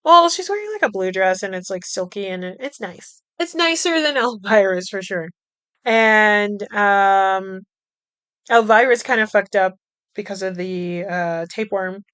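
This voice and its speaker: A young woman hosting a podcast, recapping a movie in a chatty way, with frequent laughs, swearing and quick asides. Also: medium pitch, fairly bright tone, smooth, no room sound. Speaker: podcast host.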